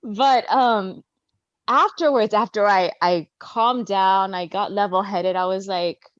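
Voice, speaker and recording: A woman sharing a personal story in a casual online talk, earnest and animated, acting out what she and others said. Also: mid-range voice, slow pace, no room sound, highs cut off. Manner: earnest, animated, acts out her own quotes. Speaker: guest. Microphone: video call.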